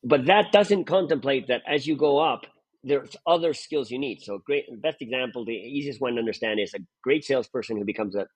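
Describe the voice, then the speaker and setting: A man's voice: mid-range voice, brisk, husky, dry recording. A man speaking as a guest performance mentor, emphatic and full of "right?" tag questions. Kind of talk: animated interview talk.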